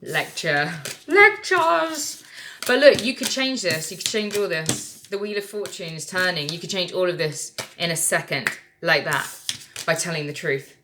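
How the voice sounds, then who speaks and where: A woman's voice: sits low, steady tone, normal speed, noisy background. A woman giving a casual tarot reading, blunt and lecturing, who swears freely. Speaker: tarot reader.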